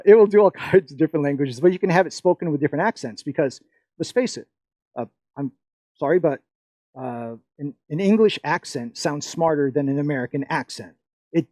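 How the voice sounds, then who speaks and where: A man's voice: on the high side, dark tone, no echo. A middle-aged man from the Philippines presenting a live workshop, rambling and chatty with many fillers and frequent laughs.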